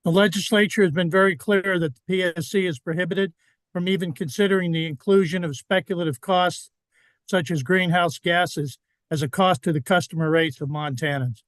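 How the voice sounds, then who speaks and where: A man's voice: high voice, steady tone, normal speed, a bit bright, no room sound. A state representative, a man, firmly reading a prepared statement over a remote call. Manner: firm, reads a statement. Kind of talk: prepared public comment.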